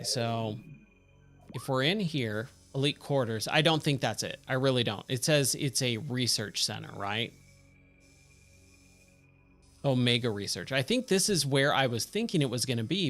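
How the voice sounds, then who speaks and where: A man's voice: mid-range voice, animated, moderate pace, a bit bright, soft background music. A man giving casual, rambling commentary as he streams a game, thinking aloud and wandering off into tangents. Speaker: gaming streamer.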